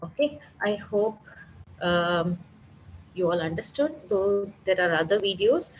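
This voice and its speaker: A woman's voice: medium pitch, unhurried. A woman speech therapist talks a seminar audience through her methods, explaining step by step and sounding out examples herself. The recording is slightly dull and muffled, with a faint hiss underneath her voice. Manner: patient, explanatory, demonstrates sounds aloud. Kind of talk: seminar lecture.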